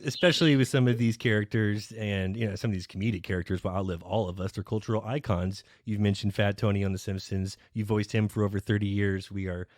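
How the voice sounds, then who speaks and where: A man's voice: on the low side, steady tone, fast talker, few pauses, darkish tone, no room sound, clean studio sound. A man hosting a podcast interview, upbeat and leading into topics with prepared questions. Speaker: podcast host. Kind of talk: casual interview.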